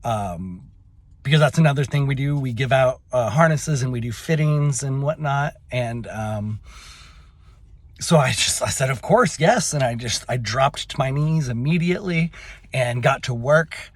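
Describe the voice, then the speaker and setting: A young adult man telling a personal story in a halting, emotional way, with many fillers and restarts. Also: medium pitch, dry recording. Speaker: vlogger.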